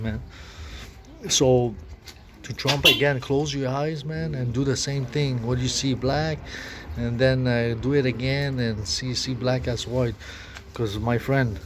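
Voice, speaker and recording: Rambling man outdoors by traffic. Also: mid-range voice. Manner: rambling, halting, many fillers and restarts. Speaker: vlogger. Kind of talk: rambling spoken monologue. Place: camping outdoors by a tent. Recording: noisy outdoor recording with passing traffic. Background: outdoor ambience and vehicles.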